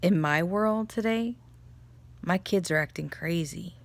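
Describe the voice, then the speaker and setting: A mother chatting casually about spiritual energy, telling family stories with animated laughter. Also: on the low side, unhurried, vocal fry. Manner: animated storytelling, laughs often. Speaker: vlogger, mother. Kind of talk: casual chat, spiritual reflection.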